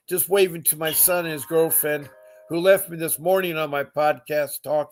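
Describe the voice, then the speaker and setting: A man hosts a live podcast in a slightly higher voice. He talks earnestly and with feeling, repeats words for emphasis and stops to greet his viewers. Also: fairly even intonation, normal speed. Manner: emotional, repetitive, earnest. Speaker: podcast host.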